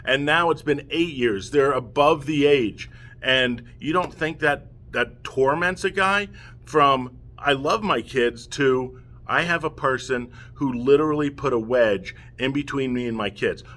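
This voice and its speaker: Heated middle-aged man, forceful voice. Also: medium pitch. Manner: heated and emotional, keeps asking "okay?". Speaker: father speaking out against family courts. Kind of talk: impassioned direct-to-camera rant.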